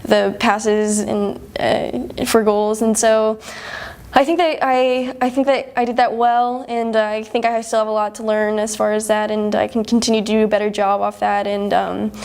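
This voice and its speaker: Earnest young woman athlete, flat delivery. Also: mid-range voice, normal speed, smooth. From Houston, Texas, USA. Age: young adult. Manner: earnest, modest, speaks in long rambling sentences. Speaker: college soccer player interviewee. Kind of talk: post-game sports interview.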